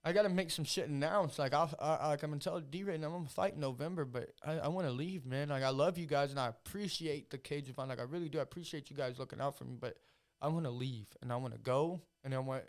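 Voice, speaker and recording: A man's voice: on the high side, fast. A man in his twenties hosting a casual podcast chat, talking in a profane, hyped-up, rambling way. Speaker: podcast host and amateur fighter.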